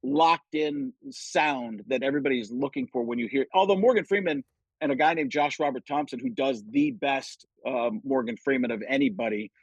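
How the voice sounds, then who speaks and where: A middle-aged man, a comedian guest on a podcast, chatting casually and telling stories with lively quoted voices. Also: mid-range voice, normal speed, slightly rough, no echo, low-quality recording. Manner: animated storytelling, jumps into quoted voices. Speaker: guest impressionist.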